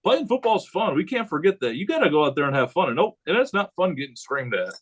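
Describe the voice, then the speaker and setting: A man who is a high school head football coach, talking casually on a podcast in a rambling way and acting out what he says to players. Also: fast, breathy edge, rough recording. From United States. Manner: rambling, animated, acts out quotes of himself.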